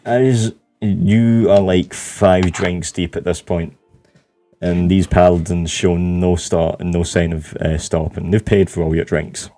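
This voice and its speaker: A man narrates a tabletop game as its game master, in a loose, laid-back way. His voice is very low and mellow, and his delivery is unhurried. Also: level tone, soft background music.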